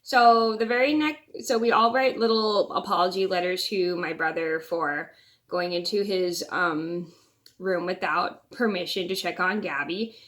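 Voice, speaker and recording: A woman's voice: on the low side, a little slow, fairly bright tone. A young woman vlogger telling a personal story in a casual, rambling way, often restarting and repeating words.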